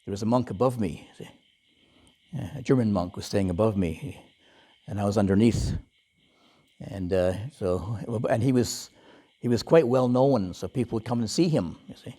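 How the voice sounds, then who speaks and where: A man who is a Buddhist monk, giving a relaxed dharma talk and telling stories with frequent chuckles and fillers. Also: lowish voice, normal speed. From Western, lived in Thailand as a layman. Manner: relaxed storytelling, chuckles often, many fillers.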